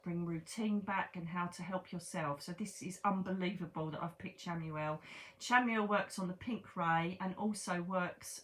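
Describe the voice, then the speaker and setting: A woman's voice: on the low side, fairly bright tone. A woman, giving a chatty, reassuring tarot reading and repeating herself for emphasis. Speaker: psychic medium.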